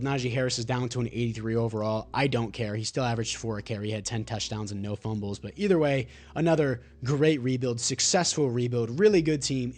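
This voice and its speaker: Young male gaming YouTuber, mid-pitched, exasperated ranting commentary. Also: darkish tone. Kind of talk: game commentary.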